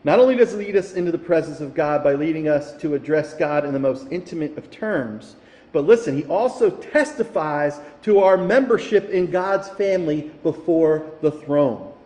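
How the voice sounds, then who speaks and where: A man's voice: fairly high pitch, lively intonation, normal speed, warm tone. A male pastor preaching a sermon that builds to fervent emphasis. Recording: echoey hall, reverberant.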